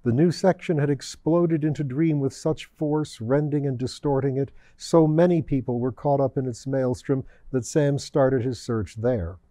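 Male audiobook narrator, mellow and measured, close dry mic. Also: mid-range voice, dry recording. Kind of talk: storybook narration.

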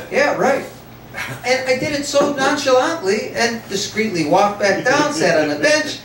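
A man reading his own first-person story aloud in a cafe, in an animated, profane storytelling manner. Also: very high-pitched, normal speed, crowd noise. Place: cafe before an audience. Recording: roomy cafe sound from a distant mic.

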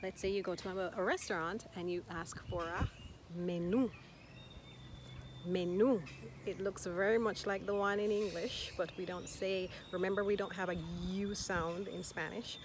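A woman teaching Spanish to expats, speaking slowly and repeating each word carefully in an upbeat, encouraging way. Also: medium pitch, fairly even intonation. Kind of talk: language lesson. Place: outdoors in a city park. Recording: outdoor noise, birds and traffic.

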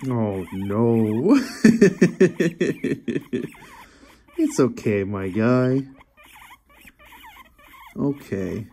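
A man's voice: medium pitch, animated, drawn-out words, pauses often, warm tone, a little hiss or hum. A man who hosts a guinea pig channel, talking to his pet in a cooing, affectionate way while brushing it, with frequent chuckles.

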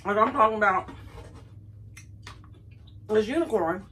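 Bright-voiced woman telling a story. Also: medium pitch, a little slow, a little hiss or hum, low-quality recording. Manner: animated, chatty, addresses viewers as y'all. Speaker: vlogger. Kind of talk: casual storytelling to camera.

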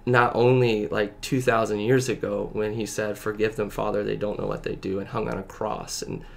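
A man with a lowish, creaky voice and flat delivery appears as a podcast guest, sharing his personal faith testimony in casual conversation. He's earnest and halting, full of filler words, and sometimes near tears.

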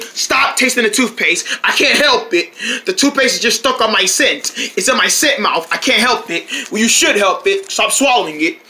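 Lively, bright-voiced comedy skit performer. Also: mid-range voice, a little hiss or hum. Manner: excitable, quick switches between characters, bursts of shouting. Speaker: skit performer voicing several characters. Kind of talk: playful comedy skit with banter.

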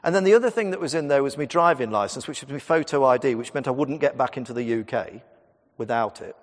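A man's voice: medium pitch, lively intonation, fast. A man in his fifties, a Methodist minister, preaching a sermon in a chatty storytelling way with humour and asides to the congregation. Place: church. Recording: long church reverb.

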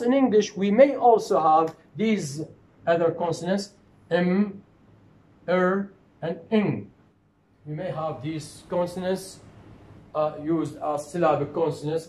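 A man giving a recorded phonetics lecture, slow and deliberate, repeating example words to model their pronunciation. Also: fairly high pitch, darkish tone, rough recording.

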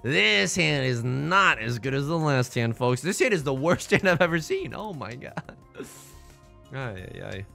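A young man casually bantering on a livestream while playing mahjong, rambling and joking, with loud high outbursts. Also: sing-song, unhurried, creaky, faint music behind. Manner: rambling, jokey, bursts into loud high bits. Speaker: streamer playing online mahjong.

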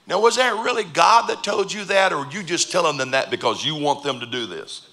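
A man preaching a sermon in a church, joking with sudden loud outbursts and quiet asides. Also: fairly high pitch, lively intonation, fairly quick. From United States. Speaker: pastor. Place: church auditorium.

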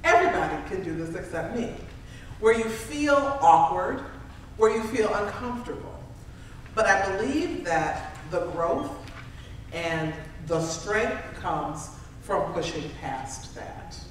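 A woman's voice: medium pitch, slow pace. A woman giving a humorous motivational talk to a live audience, telling stories with self-deprecating humor and frequent laughs. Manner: animated storytelling, self-deprecating, laughs often. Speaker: keynote speaker. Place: large conference room with live audience. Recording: very echoey room, distant mic, ambient noise.

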